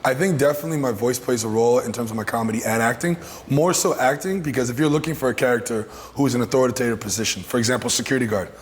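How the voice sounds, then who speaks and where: Raspy deep-voiced guy, actor and comic, chatting easy with lots of uhs, long room echo. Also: racing. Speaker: actor and comedian. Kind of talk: interview.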